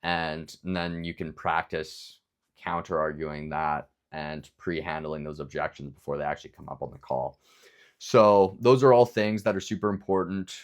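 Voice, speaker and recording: Low-voiced young man coaching casually. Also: steady tone, moderate pace. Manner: rambling, filler-heavy, acts out both sides of sales calls. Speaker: business coach. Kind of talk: casual instructional talk.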